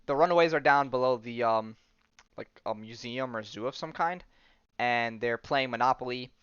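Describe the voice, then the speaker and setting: Rambling young man with a smooth voice. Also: medium pitch, normal speed, a bit bright, no echo. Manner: rambling and enthusiastic, frequent ums and restarts, slangy. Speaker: podcast host. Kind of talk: casual comic book recap. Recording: dull lo-fi sound, dry.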